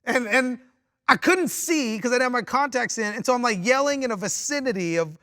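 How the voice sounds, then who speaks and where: A man preaching a sermon through a personal story, animated and full of restarts, moving from loud exclaiming to quiet reflection. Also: extremely high pitch, brisk, dry recording, clean studio sound. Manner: animated, with frequent restarts and repeated words. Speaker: pastor.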